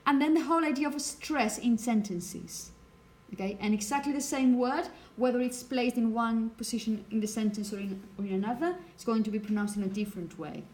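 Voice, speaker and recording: A woman's voice: a little high, brisk, a little mellow. A woman whose first language is Spanish, teaching a phonetics lecture to a class and checking in with "okay?" as she explains.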